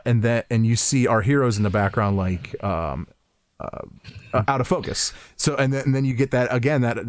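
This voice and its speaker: Animated podcast co-host, dry close sound. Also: male voice, on the low side, clean tone, no echo. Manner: animated, laughs often, many restarts. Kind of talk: casual chat.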